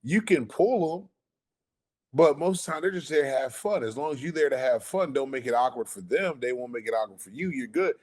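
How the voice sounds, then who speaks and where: A man of middling pitch hosting a podcast, spinning a story in a loose, unhurried way. He drawls through some phrases and swears freely. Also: expressive, a little mellow. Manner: laid-back, profane storytelling that drawls at times. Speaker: podcast host. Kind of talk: casual chat.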